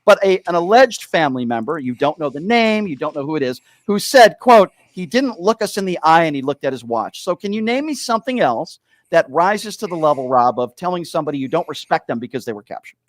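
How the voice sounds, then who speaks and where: A man's voice: fairly high pitch, very animated, a little fast, no room sound. A man hosting a heated political debate, combative and sarcastic, cutting in on his opponent.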